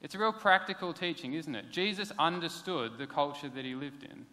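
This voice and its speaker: A pastor, preaching a sermon in a casual, conversational way. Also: male voice, on the high side, brisk, pushed and bright. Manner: conversational, plain-spoken preaching with casual asides. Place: church hall. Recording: long hall reverb.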